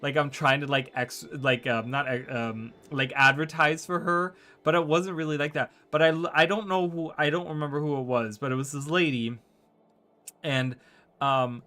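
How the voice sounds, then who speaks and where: A man's voice: a little high, fairly even intonation, moderate pace, bright, forceful tone. A man streaming from his home room and chatting casually to viewers. He rambles, stacks up fillers and often checks in with "right?".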